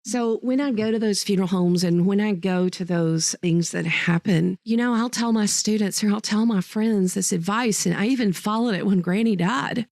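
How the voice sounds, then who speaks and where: A woman's voice: medium pitch, moderate pace, creaky, few pauses, darkish tone, no echo, studio quality. A woman teacher and podcast host telling personal stories in a heartfelt, rambling way, often correcting herself mid-sentence. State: choked up. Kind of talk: personal storytelling.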